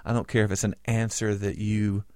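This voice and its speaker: A man co-hosting a podcast, telling a story in an animated, indignant way. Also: fairly low pitch, a little fast, no echo, studio quality. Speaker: podcast co-host. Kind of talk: casual chat.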